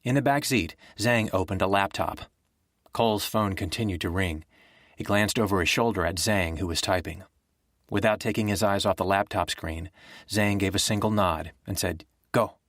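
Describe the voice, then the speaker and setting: Man, audiobook narrator, low voice, measured, dry recording. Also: fairly bright tone, no room sound. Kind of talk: scripted narration.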